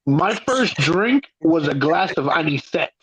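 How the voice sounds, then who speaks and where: A man's voice: on the high side, a little slow, slightly rough, no echo, poor audio. A man hosting a podcast, telling stories in a brash, profane, casual way. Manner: brash, profane, animated storyteller. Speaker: podcast host. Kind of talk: casual chat, storytelling.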